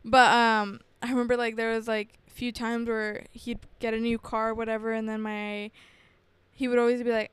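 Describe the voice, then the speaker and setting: A young woman co-hosting a casual podcast, telling childhood stories in an animated way and acting out what others said. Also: on the high side, normal speed, smooth, dry recording. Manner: storytelling, animated, acting out quotes. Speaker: podcast co-host. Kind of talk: casual chat.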